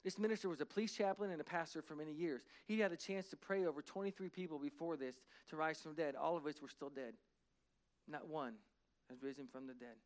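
Male pastor, higher-pitched, dramatic sermon storyteller, hushed to booming. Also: quick pace. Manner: dramatic retelling, swings from hushed to loud.

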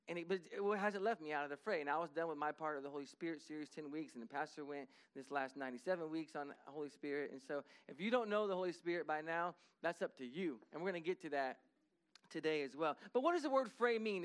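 A middle-aged man preaches a sermon in a high, smooth, resonant voice. He talks animatedly and climbs to emphatic peaks as he drives each point home. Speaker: pastor.

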